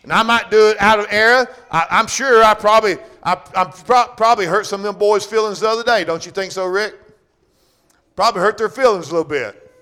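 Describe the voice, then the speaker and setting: A man preaching a sermon, swinging from loud bursts down to hushed, low-voiced passages. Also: brisk, clear, resonant tone.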